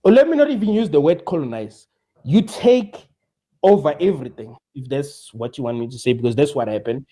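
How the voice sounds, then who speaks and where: A man's voice: fairly high pitch, lively intonation, a little fast, dark tone. A man appearing as a guest, arguing insistently and pushing to be heard. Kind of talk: heated argument.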